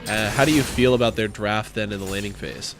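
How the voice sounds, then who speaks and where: Low-voiced bantering game co-caster. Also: male voice, brisk, fairly bright tone, a little hiss or hum. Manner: bantering, teasing, asks questions. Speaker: esports co-caster. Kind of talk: live game commentary.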